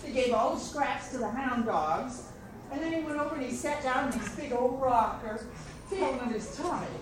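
A woman telling a folk tale together with a partner, lively and expressive, in an echoey, distant live recording with noise. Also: high-pitched, normal speed. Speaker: storyteller. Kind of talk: tandem folk storytelling.

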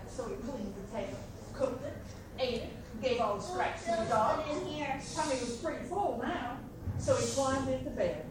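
High-voiced woman telling a folk tale. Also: lively intonation, moderate pace. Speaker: storyteller. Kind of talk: tandem folk storytelling. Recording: echoey distant live recording with noise.

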